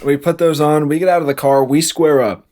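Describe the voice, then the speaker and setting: Young man, slightly high, deadpan storyteller. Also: brisk. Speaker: podcast co-host. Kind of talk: casual comedic storytelling.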